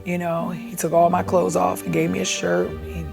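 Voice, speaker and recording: Woman talking through her life story, deep fry all through her voice, frank and hesitant, music playing underneath. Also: little pitch movement. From Baltimore, USA. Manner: candid, halting, reflective. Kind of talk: personal documentary testimony. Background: background music.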